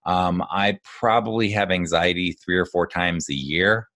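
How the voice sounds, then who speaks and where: A man with a deep, low voice speaks close to the microphone in a dry, unreverberant sound. He talks earnestly and conversationally, with frequent fillers and restarts. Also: measured pace, pushed and bright, no room sound. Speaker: podcast host. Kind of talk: casual spoken monologue.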